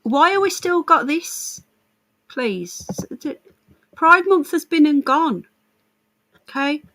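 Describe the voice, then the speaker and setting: A woman with a high, expressive voice speaks slowly with a bright, forceful tone while hosting a live stream. She chats casually with viewers in a blunt, sarcastic, sweary way, and the recording quality is low.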